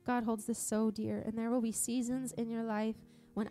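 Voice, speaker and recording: A woman's voice: fairly high pitch, level tone, moderate pace, few pauses, warm tone, faint music behind. A woman from Montana preaching a sermon in a church service, earnest and conversational, often restarting her sentences. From Montana, USA. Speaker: pastor.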